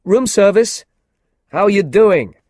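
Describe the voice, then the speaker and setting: A cocky, careless male movie star in a storybook reading, as a narrator puts him on. He comes across loud and breezy at a clearly raised pitch, in a dry, close recording. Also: lively intonation, slow, no echo. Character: confident, careless famous male film star.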